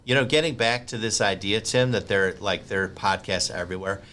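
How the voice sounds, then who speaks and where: Bright-voiced, chatty male podcast host. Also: lowish voice, a little fast, slight background noise. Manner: chatty, rambling, animated asides. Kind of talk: interview chat. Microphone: remote call.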